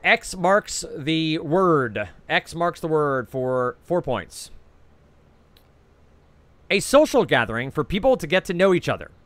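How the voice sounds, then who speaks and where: Animated Jersey-accented trivia host. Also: male voice, fairly high pitch, no echo. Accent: New Jersey. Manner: reads each clue twice, brisk and chatty, with frequent "uh". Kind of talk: reading trivia clues and scoring.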